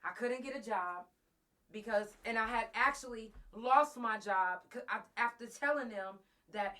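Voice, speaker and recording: Woman, talk show host, bright forceful tone, candid and profane, emotional, near tears. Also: fairly high pitch, moderate pace. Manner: raw, profane, emotional, addresses listeners directly. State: close to tears. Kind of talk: candid personal storytelling on a live talk show.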